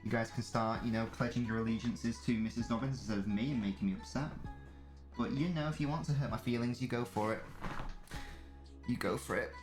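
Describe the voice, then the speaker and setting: A man's voice: medium pitch, fairly even intonation, brisk, darkish tone, faint music behind. A young man chatting casually on a live stream, joking and reading out viewers' messages. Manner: chatty, jokey, reads chat aloud.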